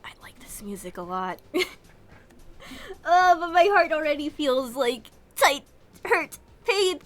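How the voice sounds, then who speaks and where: A woman's voice: high-pitched, very animated, moderate pace, long pauses, fairly bright tone. A woman streamer chatting casually about a game she plays, with many "like"s and laughs. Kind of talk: casual gameplay commentary.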